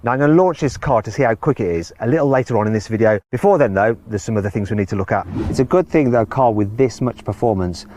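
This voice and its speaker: A man's voice: mid-range voice, fast, hardly any pauses. A man presenting a car review, talking with enthusiasm and exclaiming as he drives. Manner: enthusiastic, exclaims and laughs while driving. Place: in and around a sports car. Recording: loud engine and road noise.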